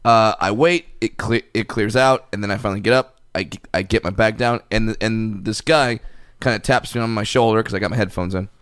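Male comic co-host, casual storyteller with a smooth voice, recorded dry and close. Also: on the low side, brisk, fairly bright tone, dry recording. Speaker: podcast co-host, comedian. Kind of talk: casual chat.

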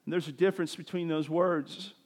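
Man preaching a sermon, high voice, emphatic bursts and quiet asides. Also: fairly even intonation, brisk. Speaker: pastor.

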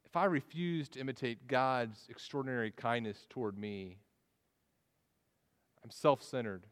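A man's voice: mid-range voice, a little slow, clear, resonant tone. A man preaching a sermon in an earnest way, often restarting his phrases. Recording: long echo of a large hall.

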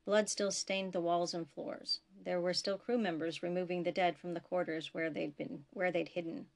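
A woman author reading her own science fiction story aloud in a steady, even narration. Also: fairly low pitch, moderate pace, vocal fry. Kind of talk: audiobook narration.

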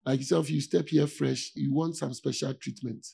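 Gravelly-voiced pastor, a man preaching casually. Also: mid-range voice, steady tone, dark tone. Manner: informal, asks "do you see?" often, with laughs and pauses. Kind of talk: conversational sermon.

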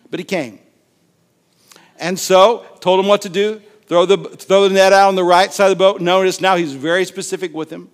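Animated high-voiced preacher man. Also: moderate pace, clean tone. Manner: animated, acts out Bible scenes with voices and laughter. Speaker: pastor. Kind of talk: sermon.

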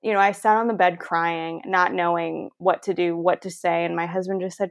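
Woman, podcast host, gravelly voice, flat low pitch, storytelling. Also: normal speed, few pauses. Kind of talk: podcast interview.

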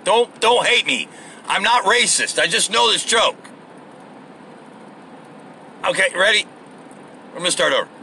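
A man with a bright, somewhat high voice and lots of gravel in it, rambling through a solo podcast from his car. He swears freely and pokes fun at himself. Faint traffic hum sits behind him. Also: lively intonation, unhurried, pauses often. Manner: profane and self-deprecating. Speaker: podcast host. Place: car, on the drive to work.

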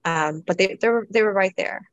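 A woman's voice: medium pitch, fairly quick, no echo, dull audio. A woman guest in a casual interview, talking reflectively with many restarts and fillers. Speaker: guest describing her births.

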